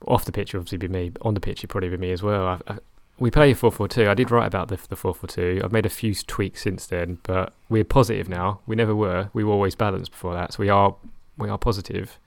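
A man's voice: deep voice, steady tone, fast talker, creaky, few pauses, dry recording. A young man talking casually about his football management game, rambling and correcting himself with a wry tone. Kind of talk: casual chat.

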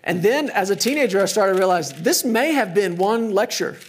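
A middle-aged man preaching a sermon in a conversational way, sometimes dropping to soft, emphatic tones. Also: sits high, expressive, normal speed. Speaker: pastor.

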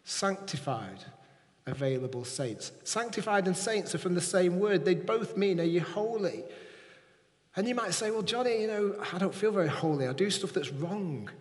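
A male preacher with a fairly high voice, delivering a sermon in a church hall where his words ring out with a long reverb. He keeps the congregation involved, tossing questions to them and checking they are with him. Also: animated, moderate pace. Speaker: pastor.

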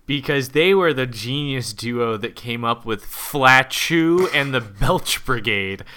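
Bright, smooth-voiced man chatting about films. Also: mid-range voice, expressive, slow. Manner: rambling, filler-heavy, chuckling. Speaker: podcast co-host. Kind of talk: casual film discussion.

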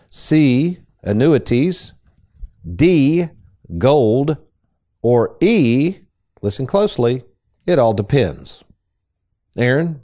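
Male talk-radio host, folksy explainer, warm and mellow, very animated delivery. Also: medium pitch. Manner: folksy, quizzing and explaining with emphasis. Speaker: retirement planning radio host. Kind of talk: conversational radio talk show.

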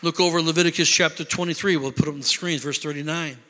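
A man preaching a sermon as pastor, moving from measured scripture reading to shouted calls for the congregation to rejoice. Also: fairly high pitch, fairly even intonation, crowd noise, background noise. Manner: builds from measured teaching to shouted exhortation. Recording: long hall reverb.

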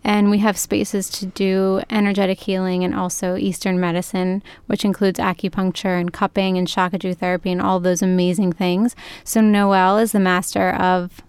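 Gushing woman podcast host, smooth and dry. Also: medium pitch, little pitch movement, normal speed, few pauses, darkish tone, no echo. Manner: effusive, many "like" fillers. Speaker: podcast host and juice bar owner. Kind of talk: casual podcast chat.

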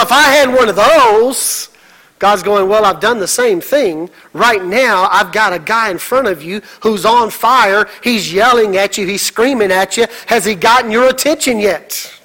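A middle-aged pastor delivers an animated sermon and slips into voices of the people in his story. His voice sits very high and sounds bright and forceful. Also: moderate pace, few pauses, poor audio. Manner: animated preaching, acts out voices of God and Moses.

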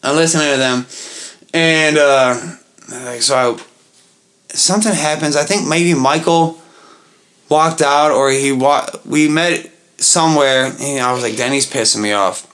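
A man's voice: fairly high pitch, a little slow, a bit bright. A young man, co-hosting a podcast and telling a rambling, profane night-out story in casual chat, acting out other people's voices as he goes. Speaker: podcast co-host.

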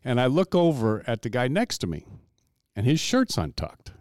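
A man in casual conversation whose pitch rises and falls a lot as he talks. He rambles, restarts his sentences and stacks up little asides. The sound is dry and close, with no room around it. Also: normal speed, dry recording. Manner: rambling, with lots of restarts and lively pitch swings. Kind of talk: casual storytelling chat.

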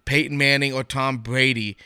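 A man co-hosting a podcast in casual sports chat, animated and acting out what coaches say. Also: mid-range voice, normal speed, clear, resonant tone, no room sound. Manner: animated, acts out quoted coaches. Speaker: podcast co-host.

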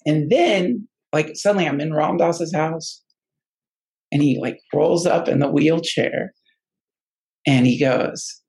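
A man's voice: a little high, slow, creaky, long pauses, darkish tone, rough recording. A man, a podcast guest, telling an earnest personal story in casual, rambling talk full of restarts and fillers. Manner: emotional, earnest.

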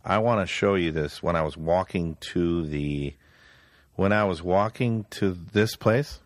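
A man's voice: deep voice, a little slow, no room sound. A man chatting casually, laughing through his stories and putting on voices to quote old comedies, swearing freely. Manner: laughing storyteller, quotes movie lines in put-on voices. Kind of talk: casual chat.

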